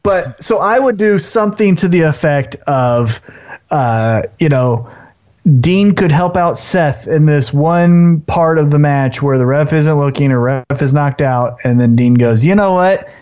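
A man co-hosting a casual wrestling podcast, talking in an animated way and briefly acting out wrestlers in put-on voices. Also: on the high side, a little slow. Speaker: podcast co-host. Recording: dull lo-fi sound.

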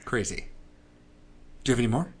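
A man co-hosting a casual podcast, reading old newspaper headlines in a loud old-time newsboy voice between chatty asides. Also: mid-range voice, lively intonation, fairly quick, breathy edge. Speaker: podcast co-host.

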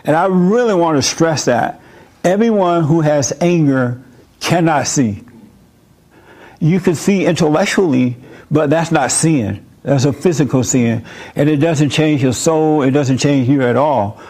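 Male preacher and show host, a bit high-pitched, blunt and emphatic in the pulpit. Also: unhurried, darkish tone. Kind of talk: sermon. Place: room with a live audience.

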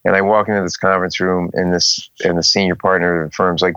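Animated storytelling comedian, low voice. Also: male voice, fast talker, vocal fry, hardly any pauses, no echo. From Rhode Island. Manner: animated, acts out voices of people in his stories. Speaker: comedian guest. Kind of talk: casual storytelling interview. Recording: dull, slightly muffled podcast audio.

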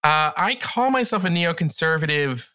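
A man's voice: on the high side, animated, moderate pace, sharp tone, clear, resonant tone, dry recording. A man, a podcast guest and columnist, talking in a chatty, enthusiastic way with many fillers. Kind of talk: casual podcast conversation.

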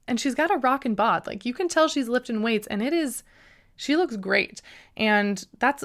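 A woman's voice: mid-range voice, smooth. A young woman from the United States hosting a casual podcast, chatty and gushing, with lots of fillers. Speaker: podcast host.

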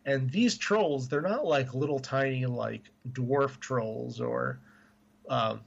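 Dude chatting about movies, lots of likes and you-knows, kinda muffled lo-fi audio. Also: male voice, medium pitch, slow, vocal fry, breathy edge. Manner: rambling, full of fillers and hedges. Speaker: podcast co-host. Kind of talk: casual chat about movies.

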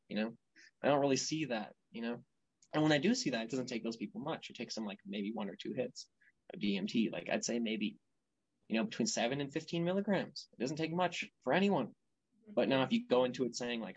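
A man's voice: mid-range voice, fairly quick, breathy edge, no room sound. A man speaking as a podcast guest in casual conversation, telling it vividly and acting out the thoughts of others. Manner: animated storytelling, acts out quoted thoughts. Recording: dry, dull lo-fi sound.

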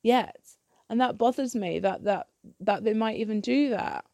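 A British woman hosts a solo podcast, ranting bluntly in a monologue, swearing freely and restarting her sentences when she gets heated. Her voice is a little high and slightly mellow, at a moderate pace. The recording is dry.

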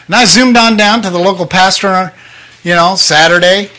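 An older man preaching with a high, bright voice. He tells his testimony with emotion, jumping from loud outbursts to near-whispered moments. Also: normal speed. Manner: emotional storytelling with sudden loud and hushed turns. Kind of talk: sermon testimony.

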